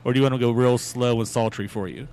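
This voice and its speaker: A fast-talking male co-host on a casual comedy radio show. He teases his partner and eggs the others on in loose banter. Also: medium pitch, steady tone, warm tone. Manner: teasing, egging others on.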